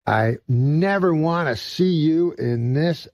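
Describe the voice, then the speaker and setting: A man doing a quiet, dignified old shopkeeper. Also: fairly low pitch, level tone, unhurried, gravelly, slightly rough, dry recording, studio quality, full character voice. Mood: outraged. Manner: quiet, polite, then cursing. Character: dignified old male shopkeeper, long patient.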